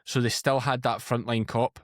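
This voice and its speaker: Man, Scottish accent, animated anecdotes, casual podcast chat, dry sound. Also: mid-range voice, moderate pace, dry recording. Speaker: podcast guest. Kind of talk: casual storytelling.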